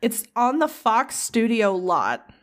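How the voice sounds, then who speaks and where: A woman co-hosting a podcast, telling stories in a chatty, casual way with frequent swearing and quick asides. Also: fairly high pitch, sing-song, fairly bright tone. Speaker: podcast co-host.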